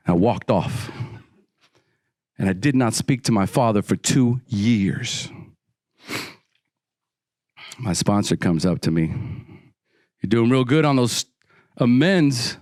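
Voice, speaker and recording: An animated middle-aged man recounts his recovery to an audience at a slow pace with long pauses. He performs the story dramatically, voicing the people in it with sharp pitch swings. The sound is a clean studio recording without room sound.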